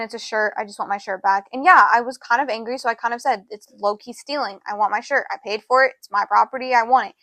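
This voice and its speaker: A woman's voice: fairly bright tone, dry recording. A young woman co-hosting a podcast, telling a long personal story in a rambling, casual way. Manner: rambling, fillers like "da, da, da" and "low-key". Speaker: podcast co-host.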